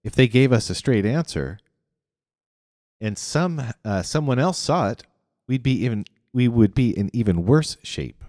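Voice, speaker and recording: A man's voice: mid-range voice, expressive, unhurried, a little mellow, dry recording, studio quality, pitched above the performer's own voice, natural voice. A man voicing a careful, worried young boy in a storybook reading.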